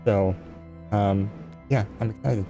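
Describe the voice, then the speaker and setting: A man chatting excitedly about his upcoming tabletop campaign, rambling with restarts. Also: on the low side, slow, soft background music. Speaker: player, game master of another show. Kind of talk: casual chat.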